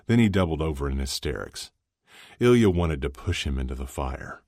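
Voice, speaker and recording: A man narrating a story aloud in a steady, even storytelling delivery. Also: extremely low pitch, moderate pace, no room sound, studio quality. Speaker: audiobook narrator. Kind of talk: scripted narration.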